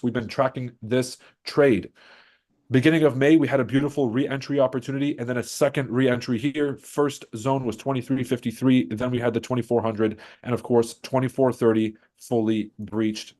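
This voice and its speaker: A man's voice: mid-range voice, fairly even intonation, a little fast, a little mellow. Stuffed-up man hosting a trading stream. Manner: brash, hype-man boasting. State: stuffed-up nose. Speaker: trading livestream host. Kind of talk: casual livestream commentary.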